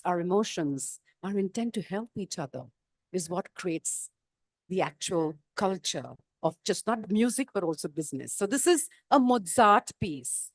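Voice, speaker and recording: A woman's voice: mid-range voice, dry recording. Brief: middle-aged Indian-accented woman, emphatic stage speaker, musician addressing a business crowd. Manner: emphatic, rhetorical questions, sings note names. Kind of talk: motivational talk with music. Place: conference stage.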